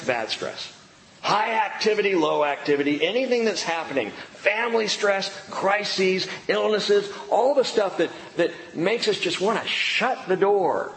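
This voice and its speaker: A middle-aged man preaching a sermon, swinging between loud bursts and hushed lines. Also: fairly high pitch. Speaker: pastor. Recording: reverberant hall with faint room noise.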